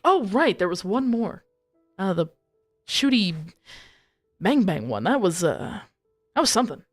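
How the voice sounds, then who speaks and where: A woman's voice: medium pitch, very animated, unhurried, faint music behind. A woman voicing a cocky male villain who taunts and mocks a group of mercenaries with glib sarcasm. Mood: mocking.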